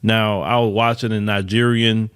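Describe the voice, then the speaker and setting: A man's voice: lowish voice, little pitch movement, moderate pace, fairly bright tone, smooth. A man hosting a podcast, giving emphatic news commentary, reading reports aloud and repeating words for stress. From United States. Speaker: podcast host.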